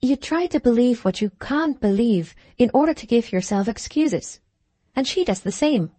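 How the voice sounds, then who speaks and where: A woman's voice: a little high, lively intonation, moderate pace, mellow, dry recording. Woman reading as a shrewd, knowing Victorian hostess.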